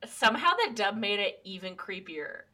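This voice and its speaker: Bright-voiced wry woman co-host. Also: medium pitch, normal speed. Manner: relaxed, lots of fillers, wry. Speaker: podcast co-host. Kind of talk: casual chat recapping a cartoon.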